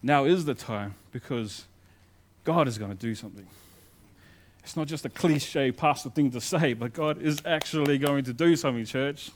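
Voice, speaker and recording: At a moderate pace and medium pitch, a pastor delivers a story-driven sermon in a conversational tone, moving from forceful, loud points to soft asides.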